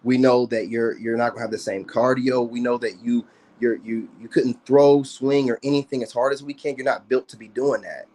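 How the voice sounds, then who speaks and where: A man's voice: medium pitch, steady tone, moderate pace, a little mellow. A man in a blunt, confrontational rant to his online viewers, profane and repetitive. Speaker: social media commentator. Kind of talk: ranting monologue to viewers.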